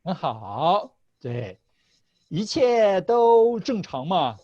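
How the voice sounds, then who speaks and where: Lively patient male language teacher. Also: sits high, very slow, no echo. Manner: patient, mixes Chinese and English, laughs often. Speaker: Chinese teacher. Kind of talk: online class teaching. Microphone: video call. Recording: slightly dull video call audio.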